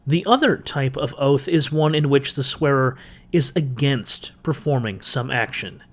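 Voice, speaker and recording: A man of middle pitch narrates a scripted lecture on ancient grammar. He explains each point methodically, with a dry, wry humor now and then. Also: lively intonation, a little slow. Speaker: biblical studies channel host.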